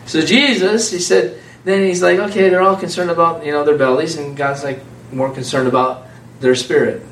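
A man preaching an informal, conversational sermon, animated and laughing often as a small group answers him. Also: on the high side, normal speed, slight background noise. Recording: echoey room from far off.

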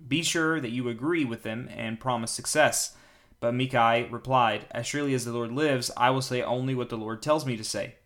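A young man hosting a daily Bible-reading podcast, reading the passage aloud with lively voices for the characters and joking asides. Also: mid-range voice, moderate pace. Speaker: podcast host reading scripture.

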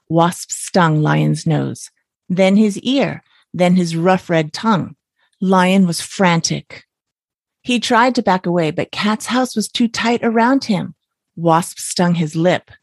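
A woman reading a bedtime story aloud in a calm, even way, close to the mic. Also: on the low side, dry recording.

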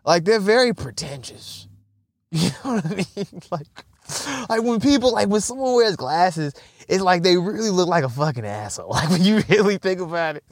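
A man's voice: high voice, normal speed, dry recording, clean studio sound. A young man in a casual rambling monologue, telling profane stories with frequent laughter. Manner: profane, laughing, animated storytelling.

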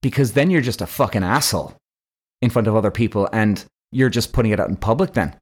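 A man, possibly, hosting his own podcast as a casual monologue, speaking bluntly with plenty of swearing and animated emphasis. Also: lowish voice, fast talker, breathy edge. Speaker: podcast host.

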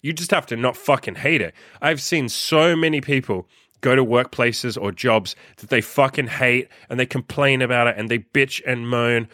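A man's voice: medium pitch, moderate pace, a bit bright, no room sound, studio quality. A young man hosting his own podcast, ranting bluntly and profanely as he scolds listeners. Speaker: podcast host and coach. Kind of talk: ranting solo podcast monologue.

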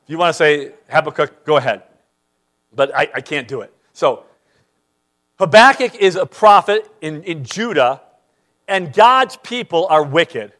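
A man preaching a sermon as pastor, emphatic, repeating words as he starts sentences and swinging between loud and quiet. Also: a little high, expressive, measured pace.

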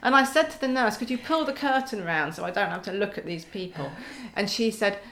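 A woman's voice: medium pitch, lively intonation, a little fast, a bit bright. A middle-aged woman, a podcast guest telling stories in casual chat with wry humour and frequent laughter.

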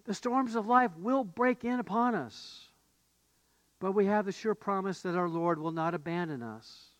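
A man's voice: sits high, measured pace, no echo. A man preaching a sermon as pastor, telling stories and building to emphatic questions. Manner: storytelling, rising to emphatic questions.

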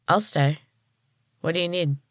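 A woman's voice: fairly low pitch, unhurried, no room sound, studio quality. Woman voicing an easygoing winged girl. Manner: plain and easygoing.

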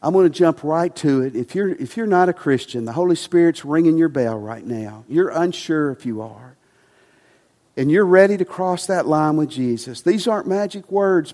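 A male pastor preaching a sermon, emphatic and passionate at times, then quiet and soft. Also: fairly high pitch, long reverb tail. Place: church sanctuary.

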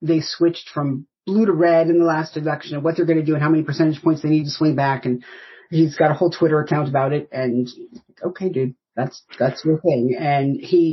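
Very husky woman in her fifties. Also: deep voice, fairly even intonation, brisk, highs cut off. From United States. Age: 50s. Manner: rambling, anecdotal storyteller. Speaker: podcast guest. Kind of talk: casual interview chat.

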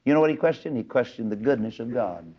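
A man preaching a sermon, folksy, asking rhetorical questions and rising into sudden high emphatic bursts. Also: expressive, fast talker, husky. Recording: muffled lo-fi sermon recording.

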